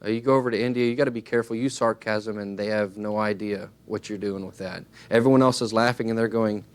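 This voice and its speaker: A man's voice: on the low side, steady tone, fast, clear, resonant tone. Earnest, emphatic male preacher. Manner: earnest, acts out little dialogues in his talk. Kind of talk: sermon.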